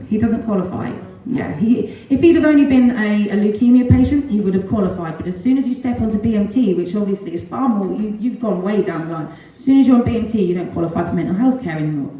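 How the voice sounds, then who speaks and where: A middle-aged woman, a mother giving an earnest, animated testimonial full of ums and nervous laughs. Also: medium pitch, a little fast. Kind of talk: emotional personal storytelling talk. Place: large echoey room at a talk event. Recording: very echoey room.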